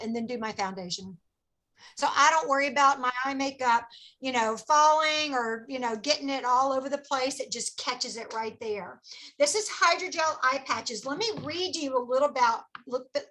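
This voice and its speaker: A woman's voice: high-pitched, bright, forceful tone. A woman beauty consultant giving an upbeat, folksy skincare product presentation to a group of friends, coaxing them along with questions. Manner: upbeat and folksy, coaxes her audience with questions.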